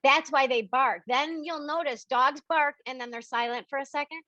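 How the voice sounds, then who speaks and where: A woman's voice: high voice, a bit bright, dry recording. A woman hosting a spiritual Q&A on a video call, chatty and acting out the dialogue she quotes. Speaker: spiritual medium hosting a member Q&A. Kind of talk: casual, animated explaining. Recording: dull, lo-fi video-call audio.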